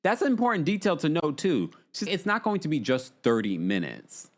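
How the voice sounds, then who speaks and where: A man's voice: a little high, sing-song, brisk. A man hosting a casual livestream, chatting about reality TV and reading viewer comments aloud. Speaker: livestream host.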